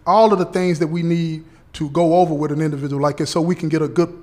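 A man playing a parole officer who explains things slowly and deliberately, checking in often with "okay?" and "right?". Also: fairly high pitch, steady tone, darkish tone, lightly acted. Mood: explaining. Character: patient male parole officer briefing a relative.

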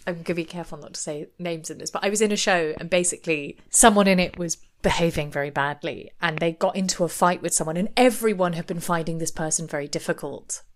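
A woman co-hosting a podcast in casual chat, telling stories in a lively way and acting out quotes. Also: lowish voice, quick pace, few pauses. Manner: lively storytelling, acts out quotes, laughs often. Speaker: podcast co-host.

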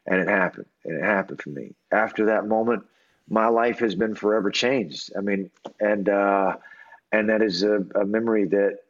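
A man with a low voice tells a long personal story as a guest. He talks in an earnest, halting way, full of restarts and fillers. The sound is dull and lo-fi.

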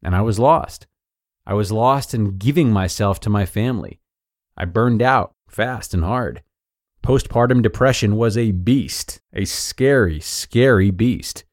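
A man's voice: lowish voice, unhurried, no room sound. Man narrating an article, dry sound. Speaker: podcast host and narrator. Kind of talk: reading an article aloud.

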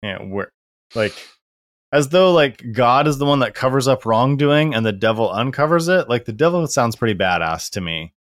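A man's voice: medium pitch, lively intonation, normal speed, no room sound, studio quality. A man co-hosting a podcast in a casual conversational chat, wry and rambling with many restarts. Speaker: podcast co-host.

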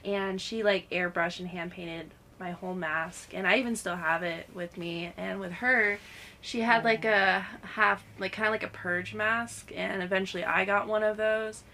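Casting: woman podcast guest, bright gravelly voice, lively storyteller, faint hiss behind. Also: mid-range voice, moderate pace. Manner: animated storyteller, acts out quotes. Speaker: guest scare actor. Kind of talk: casual chat.

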